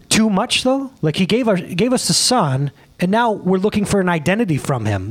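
A male pastor preaching a casual sermon, excitable and rambling, often laughing at himself. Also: high voice, moderate pace, few pauses, slightly rough.

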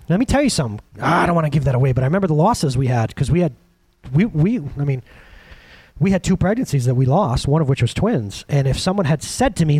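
A man in his thirties delivers a sermon with a fairly high, very lively voice. He swings between loud peaks and quiet, intimate asides. The sound is dry and close, with no room echo. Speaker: pastor.

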